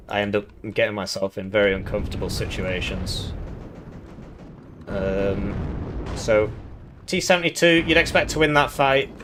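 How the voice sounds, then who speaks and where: A man's voice: medium pitch, a bit bright, slight background noise. A man from the United Kingdom giving casual, rambling commentary on a strategy game tournament, chuckling often and answering chat questions.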